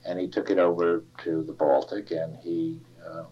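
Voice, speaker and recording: A man's voice: low-pitched, level tone, normal speed, husky. An older man casually reminiscing about sailing days, rambling and chuckling as he tells stories. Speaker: interviewee. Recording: dull lo-fi recording.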